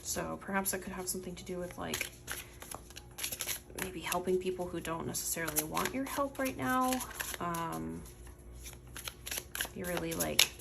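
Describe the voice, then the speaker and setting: A woman's voice: on the low side, normal speed, creaky, long pauses, noisy background. A sleepy woman doing a casual tarot reading, rambling and thinking aloud with lots of fillers. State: sleepy, yawning late at night. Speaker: tarot reader. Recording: cards shuffling and clicking behind.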